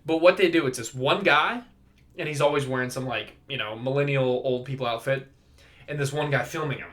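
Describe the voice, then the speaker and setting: A man's voice: mid-range voice, fairly quick, fairly bright tone. A young man hosting his own podcast, talking casually and rambling with lots of swearing and laughter. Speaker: podcast host. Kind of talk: casual solo podcast chat.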